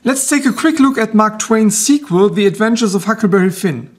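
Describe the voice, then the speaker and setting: Man, German accent, high voice, calm explanatory narration, lecture-like knife review. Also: fairly quick. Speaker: knife reviewer and video host.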